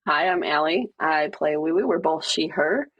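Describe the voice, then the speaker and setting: Woman player, low, husky, dry-miked, blunt and sweary. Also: normal speed, a bit bright, dry recording, muffled recording. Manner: blunt, swears, laughs a lot. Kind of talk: casual tabletop play.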